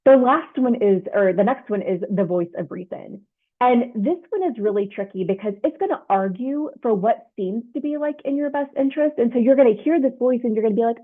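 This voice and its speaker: A woman's voice: fairly high pitch, brisk. A woman leadership coach giving an instructional self-help talk, explaining step by step and often checking in with "right?". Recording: tinny phone-like sound.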